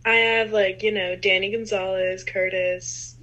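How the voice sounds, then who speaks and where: Bright, husky young woman co-host. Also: medium pitch, level tone, unhurried, poor audio. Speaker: podcast co-host. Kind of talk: casual chat.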